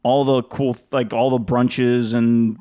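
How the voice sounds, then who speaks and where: A man's voice: medium pitch, takes it slowly. A man, a comedian, riffing in loose casual banter on a podcast. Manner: loose, joking, animated.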